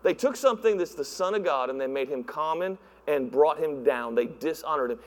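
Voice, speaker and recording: A male pastor preaching in a church, animated and acting out voices with laughs. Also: a little high, fairly quick, hardly any pauses. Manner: animated, acts out voices, laughs at own jokes. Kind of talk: sermon. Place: church sanctuary. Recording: long hall reverb.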